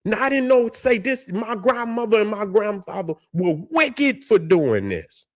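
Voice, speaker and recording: Man, vlog host, impassioned commentary, swearing, higher voice, lively swooping pitch. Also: unhurried. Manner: heated, preachy, swears a lot, stumbles over words; reads case histories aloud between rants.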